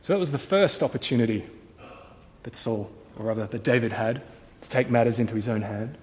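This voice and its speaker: A pastor telling a story in a sermon, dramatic, shifting from hushed to loud. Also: male voice, medium pitch, brisk, long reverb tail.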